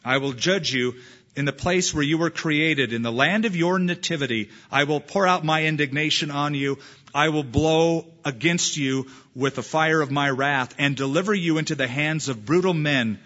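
A man's voice: fairly high pitch, fairly bright tone, muffled recording. A man pastor preaching a sermon, reading scripture aloud with emphatic delivery.

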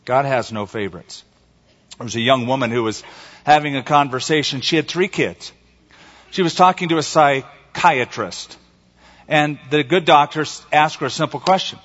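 A male pastor preaching a sermon emphatically, slowing down and stretching out the key words. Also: on the high side, a bit bright. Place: church sanctuary. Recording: echoey hall, slightly dull sound.

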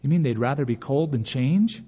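A man's voice: mid-range voice, animated, normal speed, warm tone, breathy edge. A man voicing a wondering cave woman. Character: fearful woman from the cave, grown hopeful. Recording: dull recording with long hall reverb.

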